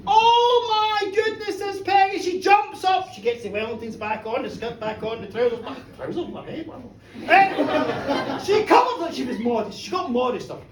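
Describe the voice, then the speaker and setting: Cheeky middle-aged lady telling a story live, high voice, echoey room from far off. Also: normal speed, a crowd in the background. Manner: animated, cheeky, chats with the audience. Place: pub bar, live show. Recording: roomy pub, from a distance, faint room noise.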